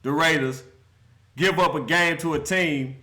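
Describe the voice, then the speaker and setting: A man's voice: a little high, a little slow, pushed and bright. A man hosting a casual football rant, laughing often and mocking the teams in a loose, slangy way. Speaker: football commentary vlogger.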